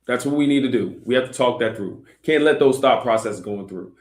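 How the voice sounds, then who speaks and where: A man's voice: medium pitch, fairly quick, echoey room. A man hosting a Christian discussion show, talking earnestly with many fillers and restarts. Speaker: host.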